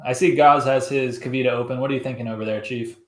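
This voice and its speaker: A man's voice: mid-range voice, fairly even intonation, fast. Casual: chill co-host guy, upbeat, kinda echoey room. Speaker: podcast co-host. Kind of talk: casual chat on a live stream.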